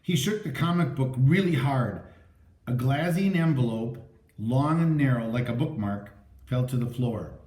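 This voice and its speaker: A man narrating a story aloud with a dramatic, lively reading. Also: medium pitch, unhurried. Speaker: audiobook narrator. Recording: echoey room.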